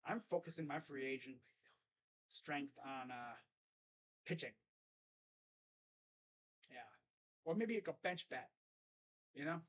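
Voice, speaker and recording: A young man doing live fan play-by-play, chatty and rambling, jumping to excited calls on each pitch. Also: slow, long pauses, a little hiss or hum.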